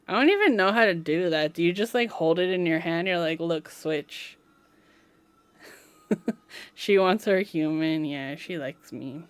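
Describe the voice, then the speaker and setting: A woman's voice: on the low side, clean tone, no echo. A young woman chatting casually on a live stream while building a keyboard, giggling often and cooing to her cat.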